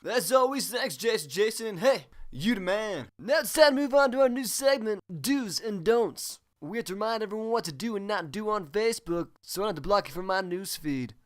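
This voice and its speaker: A man plays a vain spoof-news anchor who loves the sound of himself. His voice sits quite high for a man, and his patter is cheesy and boastful. It sounds like a comedy sketch. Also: expressive, fairly quick, hardly any pauses. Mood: smug. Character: smug, self-obsessed male spoof-news host. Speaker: host.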